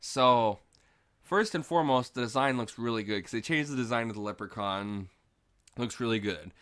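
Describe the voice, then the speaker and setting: Bright-voiced, tipsy young man ranting. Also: mid-range voice, normal speed, smooth, no echo. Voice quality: animated, swearing, mocks characters with voices. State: tipsy from drinking. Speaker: movie review podcast co-host. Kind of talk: casual profane movie review chat.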